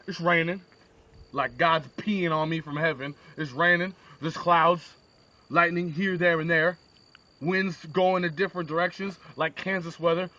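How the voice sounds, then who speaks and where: Animated young man telling a crude comic story. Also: on the high side, highs cut off. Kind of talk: rambling comic shaggy-dog story.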